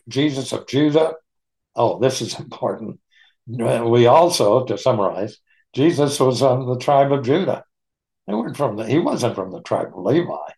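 A man leading an online Bible study, teaching in an unhurried, folksy way and chuckling often. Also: medium pitch, a little mellow.

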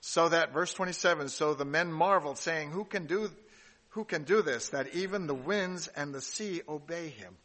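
A pastor gives a sermon, reading scripture aloud and dropping in casual asides, restarting now and then. His voice is on the high side and a bit bright, at normal speed, with a long reverb tail.

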